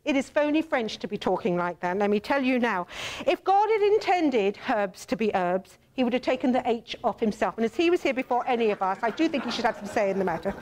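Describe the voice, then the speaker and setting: Animated English woman hosting a cooking show. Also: fairly high pitch, a little fast. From England. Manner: theatrical, bossy, teasing, addresses viewers as darling. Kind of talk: chatty cooking demonstration.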